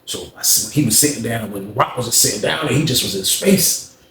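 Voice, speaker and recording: A man casually tells a long story, animatedly acting out its people and sounds. His mid-range voice is brisk and creaky, heard in a roomy space with a little hiss or hum.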